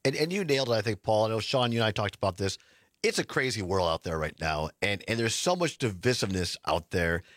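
A man's voice: on the low side, lively intonation, fast, a bit bright, no echo. A man hosting a casual interview, chatty and enthusiastic, welcoming his guests. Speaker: radio host.

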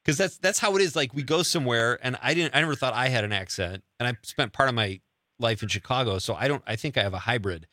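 Guy hosting an interview, bright crisp voice, dry close sound, chatty. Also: medium pitch, quick pace, no echo. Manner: chatty, laughs along, upbeat. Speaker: interview host. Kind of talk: casual interview chat.

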